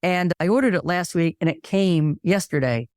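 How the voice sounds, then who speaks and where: A man, a podcast guest, telling a story in casual conversation and acting out the dialogue with lively energy. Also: high voice, normal speed, clean tone, no room sound, studio quality.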